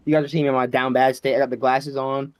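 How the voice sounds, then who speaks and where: A man joking around in a casual gaming chat, crude and quick with banter. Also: medium pitch, flat delivery.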